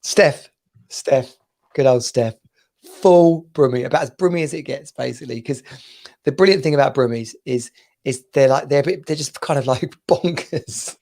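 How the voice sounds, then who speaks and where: Man, from the UK, podcast host, gravelly voice, mid-pitched, chatty rambling storyteller. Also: normal speed, darkish tone. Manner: rambling, chatty storyteller who laughs often. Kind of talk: casual chat.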